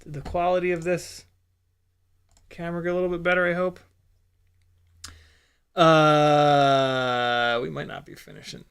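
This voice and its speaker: A man's voice: on the high side, level tone, unhurried, pauses often, fairly bright tone, clean tone. A man hosting a casual live stream, talking through a hands-on build with rambling asides and swearing. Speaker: livestream host building a drone.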